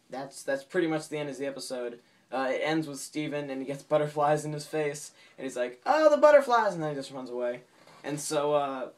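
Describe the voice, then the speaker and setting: Man vlogger recapping a cartoon episode, casual, rambling, with frequent fillers and laughs. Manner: laughs often, acts out quotes in a high voice. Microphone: home camera mic.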